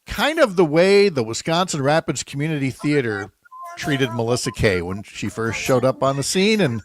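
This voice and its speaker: A man's voice: medium pitch, very animated, normal speed. A man hosting a morning radio show, chatting casually with jokey, upbeat banter.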